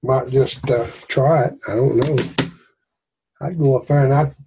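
A man's voice: mid-range voice, moderate pace, background noise. A man in casual conversation, offering earnest, plainspoken advice. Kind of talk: casual chat.

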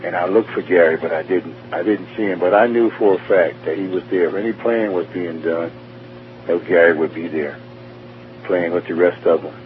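Deep-voiced man on a tinny phone line. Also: fairly even intonation, normal speed, slight background noise. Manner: earnest, repeats and restarts phrases. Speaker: guest sharing a near-death testimony. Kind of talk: emotional personal testimony.

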